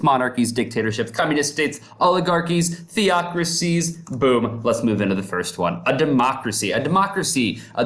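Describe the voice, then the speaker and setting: A man giving a casual, upbeat classroom lecture who keeps checking in with his listeners. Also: a little high. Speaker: teacher.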